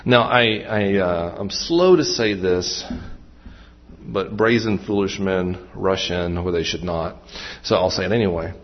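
Husky-voiced pastor preaching conversationally. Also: male voice, deep voice, unhurried. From Western Maryland. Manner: conversational, self-deprecating, with restarts and asides. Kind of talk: sermon. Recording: muffled, dull sound.

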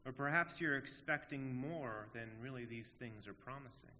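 A man's voice: mid-range voice, normal speed, pushed and bright, a little hiss or hum. A man preaching a sermon in an earnest, emphatic way, asking rhetorical questions. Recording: dull audio in a long-reverb hall.

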